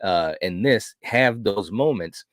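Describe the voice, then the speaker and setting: A man hosting a film review podcast, retelling a horror movie in an animated, casual way with frequent restarts. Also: on the low side, takes it slowly, no echo, studio quality. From grew up in a city. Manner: animated storyteller, frequent restarts and "you know".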